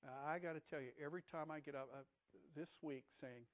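A male pastor delivers a sermon in a fairly high voice. He presses hard on key words, then drops to a hush. The sound is thin and tinny, like a phone line. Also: steady tone, a little fast. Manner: emphatic, swings between raised and hushed delivery. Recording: tinny phone-like audio recording.

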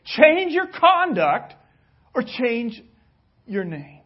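A man voicing a stern male apostle who rebukes sharply and loudly. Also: very high voice, very animated, extremely slow, slightly rough, voice pushed up, exaggerated voice. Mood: scolding. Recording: dull lo-fi recording.

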